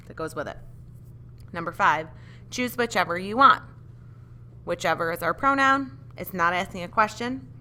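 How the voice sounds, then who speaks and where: A woman's voice: medium pitch, sharp tone, slight background noise. A woman teaching a grammar lesson, patiently explaining step by step and asking the class questions. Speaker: English teacher.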